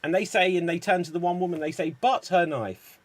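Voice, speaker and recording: A man with a slightly raised voice runs an improv comedy show over a video call. He is brisk and upbeat, laying out the rules step by step and calling on players by name. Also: high voice, little pitch movement. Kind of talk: hosting an online improv show.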